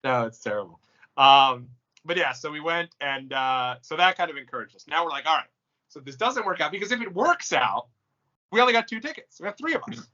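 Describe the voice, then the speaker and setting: A man chats on a podcast and tells his stories with real energy, laughing and acting out what people said. His voice is very bright and a little high for a man. The recording is dull and lo-fi. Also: fairly quick. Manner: animated storyteller, laughs often, acts out quoted lines. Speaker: podcast host. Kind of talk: casual chat. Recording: dull lo-fi sound.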